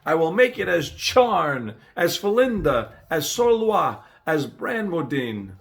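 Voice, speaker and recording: A man's voice: a little high, very animated, slow, gravelly, exaggerated voice. A man voicing a haughty witch who speaks in an imperious, threatening way. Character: fierce proud woman, a haughty witch.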